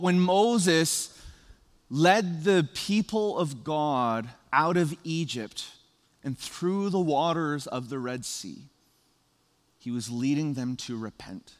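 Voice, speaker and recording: A man preaching a sermon as pastor, animated and playful, laughing at his own jokes. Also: a little high, in a large hall.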